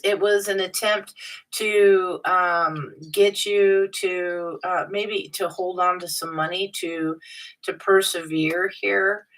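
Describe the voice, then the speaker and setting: Slow, low-voiced woman reading tarot. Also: a bit bright, far from the mic, rough recording. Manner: blunt, chatty, with frequent fillers and restarts. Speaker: tarot reader. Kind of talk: casual tarot reading monologue.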